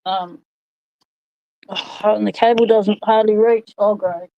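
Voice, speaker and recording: An Australian woman hosts a casual livestream from her home workshop, speaking slowly in a steady, mid-range voice through a phone microphone that cuts off the highs but adds no echo. She chats in a rambling way and greets viewers by name.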